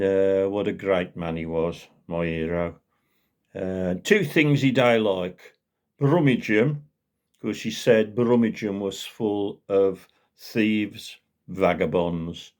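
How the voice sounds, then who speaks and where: An older man with a Black Country accent telling a local yarn in a chatty way, dropping to low asides. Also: fairly even intonation, slow pace, a little mellow. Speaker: storyteller. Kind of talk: casual spoken storytelling.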